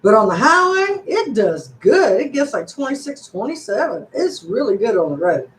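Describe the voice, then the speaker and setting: Here the older female channel host sounds a little high and sing-song, moving at a moderate pace as she chats casually and folksily on her live stream. The room has an echo.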